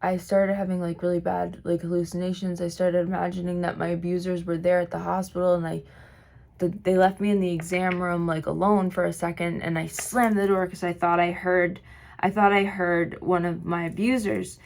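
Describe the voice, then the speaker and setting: Gravelly-voiced woman rambling through a storytime. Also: lowish voice, level tone, normal speed, a little mellow. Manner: rambling, filler-heavy storytelling. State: slightly hoarse. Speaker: vlogger. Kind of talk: get-ready-with-me storytime. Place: home, doing makeup.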